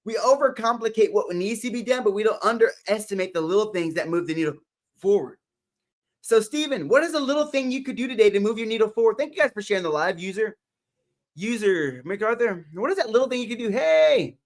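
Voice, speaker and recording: A man with a fairly high voice hosts a casual live stream. He chats upbeat and loose, calls out viewers by name and laughs easily between his encouragement. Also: animated, brisk. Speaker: livestream motivational host. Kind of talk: live stream chat reading. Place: home livestream setup.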